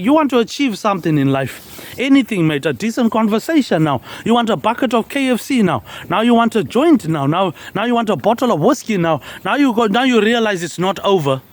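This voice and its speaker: A man rambling through an improvised, stream-of-consciousness monologue, repeating himself and tagging "mate" onto his lines. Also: high-pitched. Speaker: social media personality.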